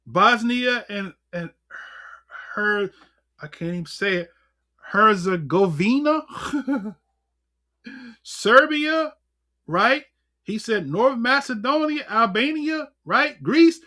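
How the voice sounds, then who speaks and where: A man leads a livestreamed teaching session, lively and full of rhetorical questions. His voice sits high and bright, and he takes his time between points. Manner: animated, rhetorical questions, chuckles, fumbles with notes. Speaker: elder teaching a livestream class. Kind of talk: livestreamed scripture and history teaching. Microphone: computer mic on a livestream.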